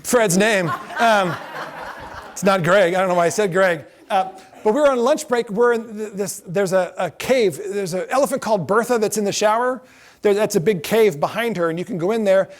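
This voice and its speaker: A man with a notably high voice lectures to a class, spinning comic anecdotes. He laughs at his own punchlines and wanders into asides, stopping to correct himself mid-sentence. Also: moderate pace. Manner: joking storyteller, laughs at his own stories; self-correcting, rambling asides. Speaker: lecturer and former ride skipper.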